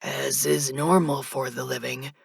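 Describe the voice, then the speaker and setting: A cold male death spirit speaking in a slow, flat monotone, low and hushed, as a woman narrator puts him on. His voice is husky and gravelly, recorded dry and close for an audiobook. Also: dry recording, full character voice.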